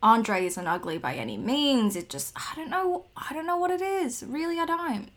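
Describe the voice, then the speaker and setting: A woman's voice: sits high, sing-song, moderate pace, a bit bright. A young woman co-hosting a podcast, chatting casually with opinionated asides. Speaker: podcast co-host. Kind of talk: casual chat, figure skating commentary.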